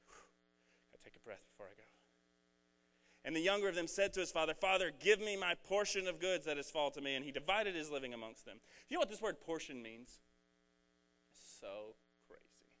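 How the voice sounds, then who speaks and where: A man's voice: a little high, a bit bright. A young man giving a casual sermon, joking and slangy as he explains a Bible story. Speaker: preacher.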